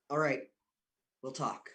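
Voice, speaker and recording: A man's voice: medium pitch, sharp tone. A young man playing a persuasive male university student who coaxes and teases his girlfriend in a radio drama. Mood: teasing. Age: young adult. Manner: coaxing, teasing, insistent. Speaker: boyfriend Dick. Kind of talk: amateur radio drama acting.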